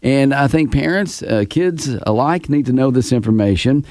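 A man's voice: mid-range voice, expressive, darkish tone, no echo. A man hosting a morning radio show, teasing his co-hosts in playful banter. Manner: playful, teasing, drawn-out emphasis. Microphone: studio mic.

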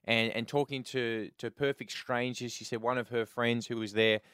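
A man's voice: mid-range voice, steady tone, normal speed, a bit bright, clear, resonant tone, no echo. A man hosting a breakfast radio show in a chatty, conversational way, recorded close on a studio microphone. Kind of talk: casual radio chat.

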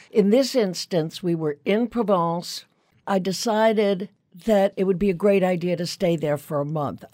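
A woman author being interviewed in a radio studio, telling her stories briskly and eagerly. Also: lowish voice, a little mellow, no echo. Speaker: author guest.

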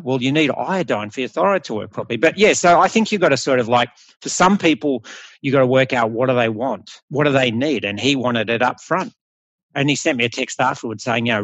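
A middle-aged Australian man talks in a blunt, animated way and swears without hesitation. His voice sits at a middle pitch and is recorded dry, with no room echo. He sounds like a no-nonsense coach chatting on a podcast. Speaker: health coach guest. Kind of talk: casual podcast conversation.

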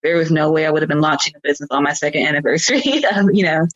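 A woman's voice: low voice, rapid-fire, dry recording, dull audio. A woman talking earnestly and from the heart as a guest in a casual conversation. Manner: earnest, heartfelt, laughs easily. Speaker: guest, praise dancer.

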